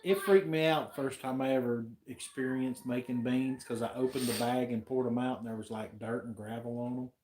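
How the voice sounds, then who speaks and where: A man's voice: mid-range voice, steady tone, normal speed, hardly any pauses, a little mellow. A man with an Appalachian accent co-hosting a livestream, agreeing and throwing in jokes in a casual chat. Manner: joking, agreeable sidekick. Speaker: livestream co-host. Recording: roomy echo with faint noise.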